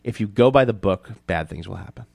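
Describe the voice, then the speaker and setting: Fast-talking man telling animated stories. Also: creaky, dry recording. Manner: animated, acts out quoted voices in a higher pitch. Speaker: guest. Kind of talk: casual storytelling in an interview. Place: New York City.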